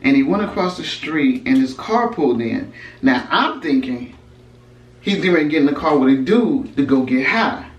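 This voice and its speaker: A woman's voice: rumbling low, expressive, moderate pace, lo-fi sound. Woman telling a story in an echoey room. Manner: emphatic, conversational storytelling. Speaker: vlogger telling a personal story. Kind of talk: storytime vlog. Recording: roomy echo, mic at a distance, faint background hum.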